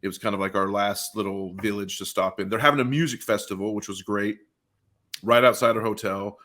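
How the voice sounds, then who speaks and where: Male podcast host from Carolina, chatty storyteller, bright and forceful tone. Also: fairly low pitch, brisk. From Carolina, USA. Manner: animated storyteller with many fillers. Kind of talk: casual chat.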